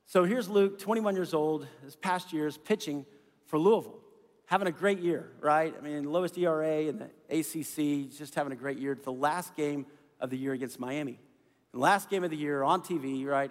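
Middle-aged male pastor, earnest storyteller, fairly high voice, long hall reverb. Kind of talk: sermon.

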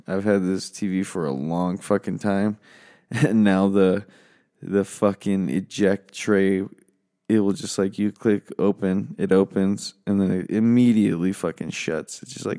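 Speaking at normal speed with fairly even intonation, an American man runs a casual solo podcast late at night from his home office. His voice is rough, low and quiet, and his easygoing rambling is peppered with curses.

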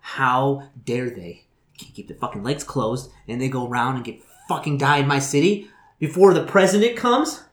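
A man's voice: mid-range voice, expressive, normal speed, pauses often, lightly acted. A man doing a foul-mouthed scheming woman official. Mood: enraged. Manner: stammering, repeats words, swears. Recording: roomy echo.

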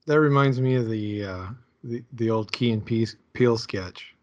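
Male co-host, casual, chatty, quick interjections. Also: mid-range voice, darkish tone, lo-fi sound. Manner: chatty, quick interjections, retells comedy sketches. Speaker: podcast co-host. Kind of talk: casual chat.

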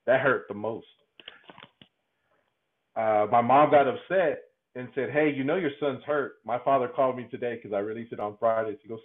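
A man giving a candid interview, talking haltingly, repeating words and laughing often. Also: mid-range voice. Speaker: podcast guest. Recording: tinny phone-like line.

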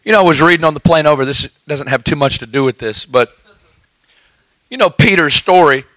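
A man preaching a sermon, telling stories in a folksy way with lively asides. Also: a little high, a little fast, dry recording, low-quality recording.

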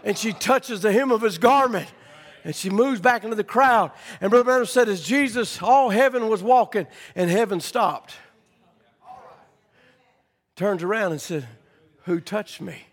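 High-pitched fervent preacher, echoing hall. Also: male voice, normal speed. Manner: builds to fervent shouting. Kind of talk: sermon.

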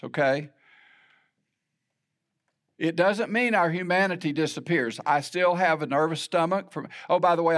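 A middle-aged man preaching a sermon in a conversational, storytelling way with self-deprecating humor. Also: fairly high pitch. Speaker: pastor.

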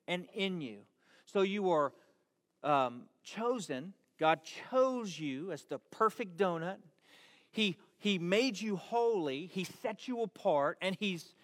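A pastor delivers a sermon with an earnest, emphatic push, circling back on his words as he builds each point. His voice sits high for a man. The sound rings with the long reverb of a large hall. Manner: earnest, emphatic preaching with repeated words and restarts. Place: church hall.

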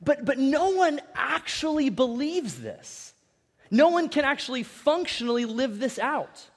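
A man preaching a sermon as pastor, in a conversational style with animated asides and repeated words. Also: extremely high pitch, unhurried. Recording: long reverb of a large hall.

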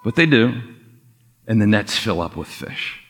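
A man preaching a relaxed, conversational sermon, telling the story as if chatting with friends. His voice is bright and forceful. The long reverb of a big church hall trails after each phrase. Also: on the low side, unhurried. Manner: casual storytelling with lively acted quotes. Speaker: pastor. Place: church sanctuary.

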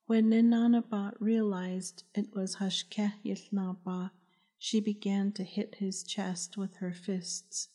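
A woman, the author, reading her novel aloud as calm, measured audiobook narration. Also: medium pitch.

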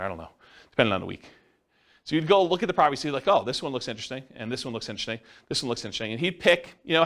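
A man in middle age talks fast through a live class in a meeting room. His delivery is casual and rambling, full of asides and fillers, with a pitch that sits in an ordinary middle range. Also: gravelly, fairly bright tone. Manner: casual, rambling, self-described introvert. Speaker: real estate investing instructor. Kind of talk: classroom lecture.

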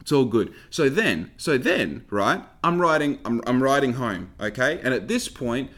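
A man's voice: medium pitch, big pitch swings, unhurried, a bit bright. A man telling a story as a heated, exasperated rant full of swearing.

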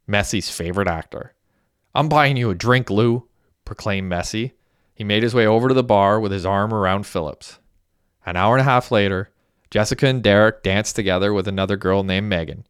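A man reading a story aloud as a narrator, in a steady, even storytelling manner. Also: on the low side, clear, resonant tone, no room sound, clean studio sound. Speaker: audiobook narrator. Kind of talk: scripted narration.

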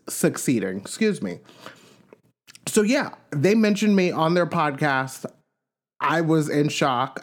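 A man hosting a podcast, chatting in an animated way about celebrity gossip and reading news aloud with his own asides. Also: mid-range voice. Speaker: podcast host. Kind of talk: casual celebrity gossip commentary.

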